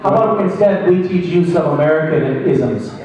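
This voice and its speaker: A man on a convention stage trades dry, teasing jokes with the audience. His voice sits a little high for a man. It is picked up from a distance in a big echoing hall, with a loud crowd and heavy noise all around. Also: lively intonation, moderate pace. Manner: dry, teasing, mock-serious. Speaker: convention panel guest. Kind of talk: joking panel banter with fans.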